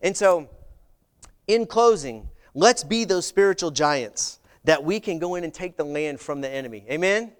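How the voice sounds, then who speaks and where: A middle-aged man preaching a sermon, telling stories in an animated way and acting out the voices of people he quotes. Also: on the high side, normal speed, clear, resonant tone. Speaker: visiting pastor.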